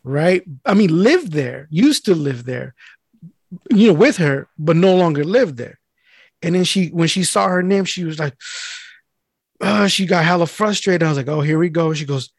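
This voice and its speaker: A man's voice: on the high side, normal speed, breathy edge, no room sound, clean studio sound. A man telling a story in casual chat, swearing freely and acting out the voices of the people in it. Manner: profane, animated, acts out voices of people in his story. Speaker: mail carrier telling a story.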